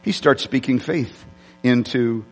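A man's voice: medium pitch, slow. A male pastor preaching a sermon, telling a personal story with many restarts and speaking directly to his congregation. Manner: rambling, frequent restarts, addresses congregation directly. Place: church sanctuary. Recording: long hall reverb.

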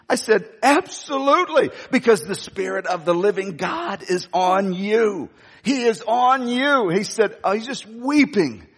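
A man's voice: a little high, slightly rough. Passionate male preacher in a reverberant hall. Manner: passionate, emphatic scripture reading. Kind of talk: sermon.

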